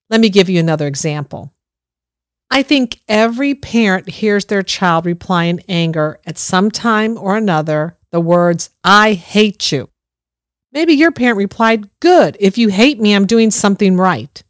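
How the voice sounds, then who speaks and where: A middle-aged woman gives a parenting talk in an earnest, reassuring tone. She often speaks straight to the listener. Her voice sits at an ordinary pitch, recorded close and dry with no room sound. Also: no echo.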